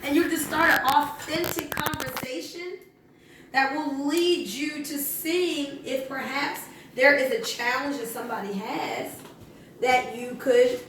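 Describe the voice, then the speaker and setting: A woman's voice: high voice, a little slow, background noise. A woman presenting at a home sales meeting, coaching the group in an upbeat, coaxing way and quizzing them. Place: living room at a home meeting. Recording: echoey room, voice from far off.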